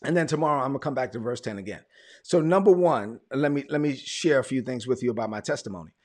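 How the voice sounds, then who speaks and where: A man's voice: medium pitch, lively intonation, fast, a little mellow. A man, a pastor telling his testimony in a sermon, repeating words as he tells the story. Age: 40s.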